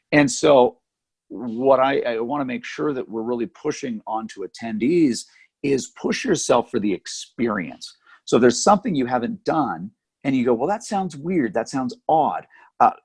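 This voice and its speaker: This middle-aged podcast co-host, chatting casually, tells an animated story and impersonates the people in it. He speaks with a medium-pitched, slightly rough voice.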